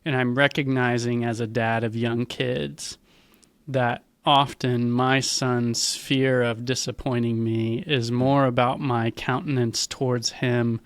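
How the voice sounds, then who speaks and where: A man's voice: medium pitch, little pitch movement, takes it slowly, no echo. A young man hosting a podcast, talking in thoughtful, earnest reflections as a father of young kids. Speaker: podcast host. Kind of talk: reflective conversational interview.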